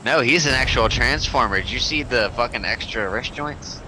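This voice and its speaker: A man teasing his gaming buddies, swearing in loud disbelief. His voice sits at an everyday middle pitch. A clear hiss of voice chat runs beneath it. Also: moderate pace. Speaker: gamer.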